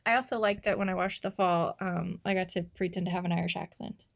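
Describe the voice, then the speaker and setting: A woman's voice: fairly low pitch, steady tone, quick pace, gravelly. A woman chatting casually as a guest, giggly with dry, understated replies. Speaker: guest, host's wife. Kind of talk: casual chat.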